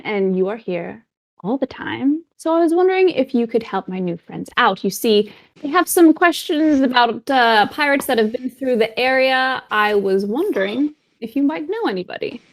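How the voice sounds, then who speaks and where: A woman's voice: fairly high pitch, animated, normal speed. Woman GM as courtly male guide: gallant, formal. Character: courtly man guiding the party, gallant.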